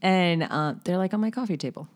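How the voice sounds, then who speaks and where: A woman's voice: fairly low pitch, lively intonation, brisk. A young woman hosting a casual chat show, bubbly and gushing, laughing often. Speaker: host.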